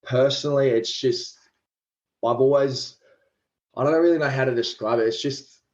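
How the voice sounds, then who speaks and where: A man's voice: mid-range voice, normal speed, highs cut off. An Australian man in his twenties, a pro rugby league player chatting casually as a podcast guest, loose and self-deprecating. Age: 20s.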